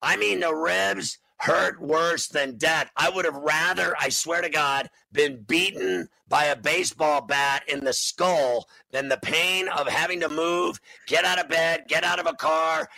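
Brash, gravelly sports-betting man. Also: fairly high pitch, no echo, low-quality recording. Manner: loud, crude and mocking, with sudden shouts.

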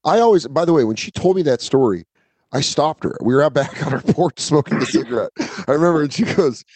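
A man guesting on a comedy podcast, telling stories in an animated way and acting out quotes. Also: a little high, fast, breathy edge, no echo. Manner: animated storyteller, acts out quotes. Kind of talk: casual comedy chat.

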